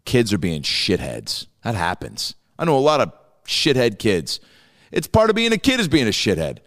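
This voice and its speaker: A man hosts a comedy reaction show, riffing on a video clip with heavy swearing and animated storytelling while acting out the people in it. His mid-range voice moves at a moderate pace, with a long reverb tail.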